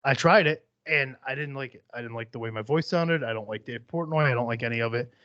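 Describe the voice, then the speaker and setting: A young man talks casually into a podcast mic, rambling and blunt, with plenty of swearing and stray fillers. His voice sits at a middling pitch. The sound is dry and a little dull. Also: fast, pushed and bright, no room sound. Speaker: podcast host.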